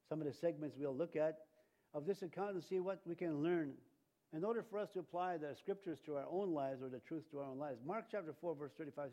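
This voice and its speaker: A man preaching a sermon in a conversational way, full of fillers and restarts, with sudden loud bursts of emphasis. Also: a little high.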